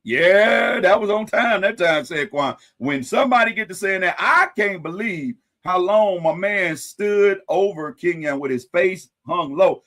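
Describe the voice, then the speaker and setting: A man hosting a live-stream commentary show, talking casually to his viewers with animated delivery, folksy sayings and wry asides. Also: sits high, unhurried, hardly any pauses. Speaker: host.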